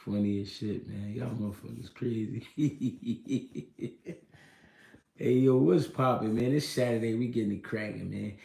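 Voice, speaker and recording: Gravelly man chatting on a livestream. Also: lowish voice, measured pace, warm tone. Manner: loose, slangy, reads and answers viewer comments. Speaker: livestream host. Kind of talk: casual livestream chat about boxing. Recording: echoey room.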